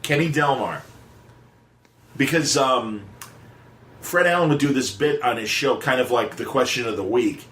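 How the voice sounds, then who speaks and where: A man's voice: medium pitch, normal speed, long pauses, fairly bright tone. Rambling man in an echoey room. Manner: rambling, digressive storyteller. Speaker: podcast host. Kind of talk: casual chat. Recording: echoey room with faint music.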